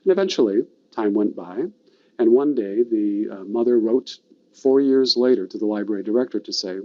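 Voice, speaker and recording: Low-voiced man telling a story expressively. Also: dull audio. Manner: expressive storyteller with dramatic pauses. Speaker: storytelling presenter. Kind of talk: storytelling talk.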